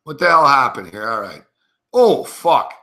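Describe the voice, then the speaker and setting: A man's voice: mid-range voice, sing-song, a little slow, pushed and bright. A man hosting a sports betting show, giving live game commentary in an angry, profane, indignant rant.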